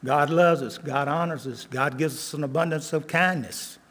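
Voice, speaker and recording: An older man preaching a sermon as a guest preacher, earnest, repeating lines and slowing down for emphasis. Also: fairly high pitch, a bit bright. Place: church sanctuary. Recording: long church reverb.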